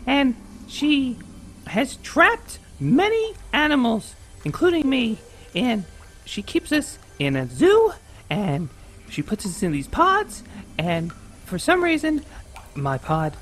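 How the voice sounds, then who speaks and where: A woman voicing a small mouse trapped in an orb, talking in a slow, weary drawl. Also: on the high side.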